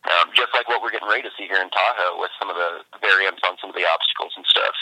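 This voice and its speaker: A man's voice: low-pitched, rapid-fire, bright, forceful tone, dry recording, poor audio. A man who races obstacle courses, chatting easygoingly with many fillers. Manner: easygoing, laughs often, trails off with fillers. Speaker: obstacle racer guest. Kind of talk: casual chat.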